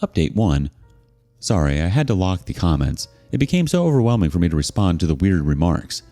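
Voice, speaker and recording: A man narrating a story in a low, warm voice that rises and falls a lot. He tells it expressively, with a sarcastic bite in his asides, over faint background music. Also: sing-song, brisk. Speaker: narrator of reader stories. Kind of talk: scripted narration.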